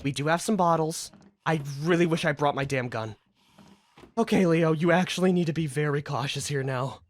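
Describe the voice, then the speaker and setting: A man giving casual, excitable commentary as he plays a video game. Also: on the high side, moderate pace. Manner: chatty, excitable reactions. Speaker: gaming video creator.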